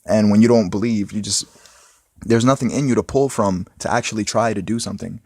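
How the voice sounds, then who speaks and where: A man's voice: fairly low pitch, fairly quick, a little mellow, husky, dry recording, clean studio sound. A young man talking into his smartphone in a rambling, casual motivational monologue, often asking "you know what I'm saying?". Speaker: vlogger.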